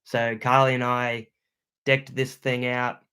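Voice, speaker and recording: A young adult man with an Australian accent, chatting loudly and casually on a livestream as he reads out viewer comments, full of slang. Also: mid-range voice, completely flat delivery, slow pace, smooth. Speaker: YouTuber hosting a livestream.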